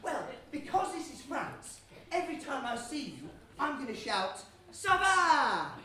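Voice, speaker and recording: A woman playing a silly young man in a stage pantomime, chummy and playful as she gets the audience shouting. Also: high voice, sing-song, moderate pace. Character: Bree, a silly, cheese-loving young man. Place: theatre stage. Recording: echoey theatre from far off, noisy.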